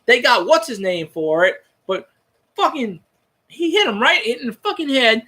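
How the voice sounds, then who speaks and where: A man's voice: extremely high pitch, big pitch swings, normal speed, pushed and bright. A man giving a profane, rambling football fan rant in casual chat.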